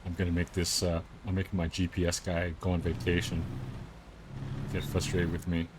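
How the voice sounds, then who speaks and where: A man's voice: sits low, completely flat delivery, moderate pace. A man hosting a game stream, chatting casually and rambling with lots of fillers. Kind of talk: casual chat while gaming. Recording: game engine noise behind.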